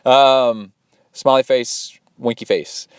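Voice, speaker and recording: A man's voice: medium pitch, steady tone, takes it slowly, smooth, dry recording, studio quality. A man hosting a podcast as a triathlon coach, talking in a rambling, chatty way with plenty of fillers and asides. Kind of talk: casual solo podcast talk.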